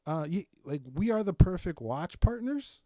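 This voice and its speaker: A young man co-hosting a podcast, chatting casually about shows with lots of swearing and animated storytelling. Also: high-pitched, normal speed, dry recording, clean studio sound. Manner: animated, profane, loud bursts of laughter-filled storytelling. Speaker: podcast co-host. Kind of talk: casual chat, reviewing shows.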